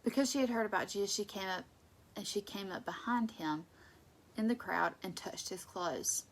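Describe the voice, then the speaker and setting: A woman leading a casual Bible study, conversational and emphatic, sometimes dropping into soft asides. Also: mid-range voice, moderate pace.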